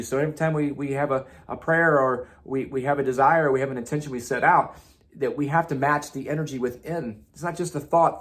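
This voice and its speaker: A man giving an emphatic spiritual self-help monologue, repeating himself and swearing casually. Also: a little high. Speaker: motivational speaker.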